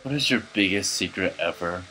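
A drunk man doing gaming commentary, cursing, shouting and laughing as he plays. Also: low-pitched, expressive, brisk, faint music behind, rough recording. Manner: profane, loud outbursts and laughing. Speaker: let's player.

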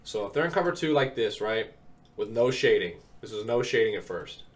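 A young man recovering from an illness makes video game tips, explaining plays step by step in a laid-back way full of ums. His voice is fairly low, expressive and brisk. The mic is distant, with faint keyboard noise.

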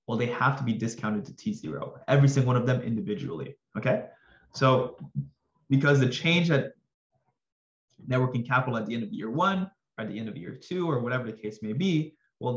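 A man tutoring finance for an exam, talking casually and energetically to viewers with slangy asides, his voice slightly hoarse. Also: medium pitch, roomy sound, dull audio. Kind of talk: casual exam-prep lesson.

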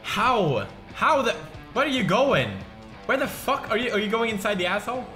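A young Swedish man with a Swedish accent, giving let's play commentary, swearing constantly and bursting into frustrated shouting. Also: high voice, very animated, normal speed. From Sweden. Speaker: gaming commentator. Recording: echoey room with loud game music.

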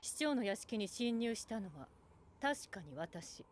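Calm, guarded Nico Robin. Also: female voice, a little high, a little fast, no echo. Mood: cold farewell. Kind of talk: anime dub acting.

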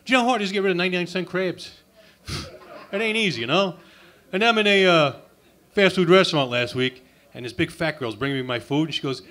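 A man working an open mic stage with a crude, abrasive insult routine. His voice sits a little high for a man, and he talks sarcastically into a handheld mic. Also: a little fast, fairly bright tone. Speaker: stand-up comic. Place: comedy club open mic.

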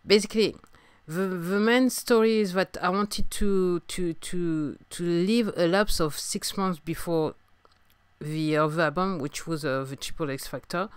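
This French woman, a singer-songwriter who hosts a laid-back solo podcast, has a lowish, clean-toned voice and speaks a little slowly with a French accent. There's no room sound. Still getting over a sore throat, she coughs and stumbles through her talk with frequent fillers and false starts.

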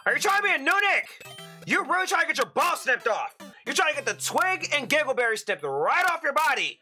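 High bright excitable young man. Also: brisk, soft background music. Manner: excitable, swings into loud frustrated outbursts and crude joking. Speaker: gaming channel host. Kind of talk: gameplay commentary.

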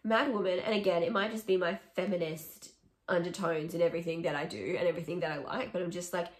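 This young woman, a music vlogger, runs through a song ranking in casual on-camera chat, sharing firm opinions and sarcastic side comments. Her voice is lowish with fairly even intonation, she talks fast, and the recording has an echoey room sound.

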